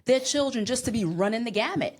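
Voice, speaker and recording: A woman's voice: on the high side, lively intonation, brisk. A woman guest on a podcast, talking with emphatic conviction and faith. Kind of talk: casual conversation.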